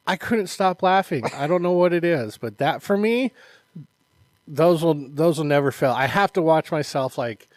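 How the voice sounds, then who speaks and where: A man with a fairly high voice tells a funny story on a casual podcast. He acts out the quotes and laughs as he goes. His voice sounds dry and close to the mic. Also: moderate pace, no echo. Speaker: podcast co-host, martial arts instructor. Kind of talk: casual chat.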